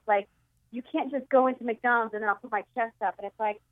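A woman's voice: on the high side, steady tone, racing, dry recording. A woman calling in as a guest, chatting casually and joking, laughing often. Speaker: phone-in guest comedian. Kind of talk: casual chat. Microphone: phone line. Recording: tinny dry phone line.

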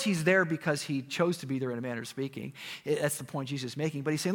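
A male preacher giving a sermon, retelling a story with dramatic swings from loud to hushed. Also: mid-range voice, quick pace. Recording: echoey hall.

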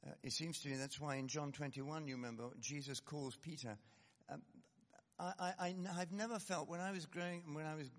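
A man preaching a sermon in an animated, conversational way, with self-deprecating asides. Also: fairly high pitch, brisk, long reverb tail.

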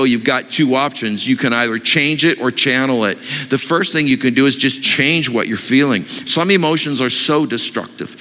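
A man preaching a sermon, asking his congregation questions in an animated way. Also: mid-range voice, long reverb tail. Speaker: pastor.

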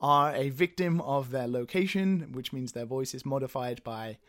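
A man's voice: mid-range voice, normal speed, a bit bright. A man from England hosting a podcast in casual, self-deprecating chat with frequent laughter. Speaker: podcast host.

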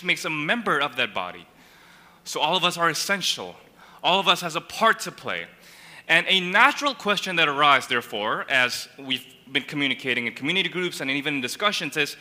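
A man's voice: a little high, bright, forceful tone. A man preaching a sermon as a pastor, earnest, restating and repeating words as he builds each point. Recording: long hall reverb.

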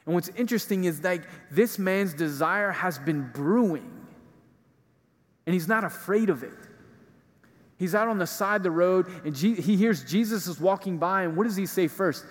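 A man's voice: high-pitched, lively intonation, a little slow, pauses often. A male preacher giving a conversational homily in a church, using casual fillers as he explains. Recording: reverberant hall.

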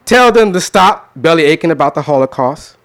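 A man's voice: on the high side, expressive, brisk, fairly bright tone. A man talking loosely with an audience, then performing a spoken word poem with a rhythmic, emphatic delivery. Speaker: poet. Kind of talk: spoken word poetry reading.

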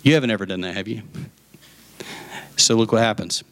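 A man preaching a sermon, retelling a Bible story with lively acted-out voices and asides to the congregation. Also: on the low side, a little fast. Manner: animated storytelling, acting out voices of the parable. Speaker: pastor.

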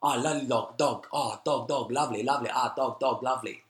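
A man putting on a Chinese accent to mimic an older tourist couple in their sixties, speaking in halting, repetitive scraps of broken English. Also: mid-range voice, close to an everyday voice. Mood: eager, nervous. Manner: halting, repetitive, fragmentary phrases. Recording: roomy echo.

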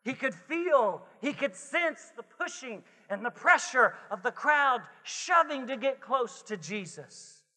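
A man preaching a sermon as pastor, swinging between hushed lines and shouted refrains. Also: very high voice, animated, takes it slowly, few pauses. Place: church sanctuary. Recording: long hall reverb.

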